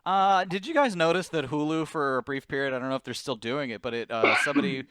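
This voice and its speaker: Man, podcast co-host, rambling casual talk, smooth resonant voice, dry close sound. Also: fairly high pitch, quick pace, a bit bright, no room sound. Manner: rambling, laughs often. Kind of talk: casual chat.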